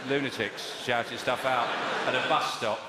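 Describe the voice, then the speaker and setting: A medium-pitched, steady-toned English comedian speaks at a normal speed while doing stand-up and trading banter with the crowd. He rambles, corrects himself, and plays at being outraged. Heavy background noise comes from the echoey hall and live audience.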